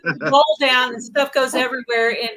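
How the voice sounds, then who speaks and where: A woman's voice: high voice, steady tone, normal speed, a loud crowd, poor audio. A middle-aged woman hosting a casual live-stream interview, chatty and prone to giggling as she tells stories. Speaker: host.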